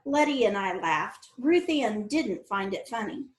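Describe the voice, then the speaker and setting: A woman reading a novel aloud in first-person narration, with a lively storytelling manner. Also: mid-range voice, a little slow. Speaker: audiobook reader. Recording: roomy echo.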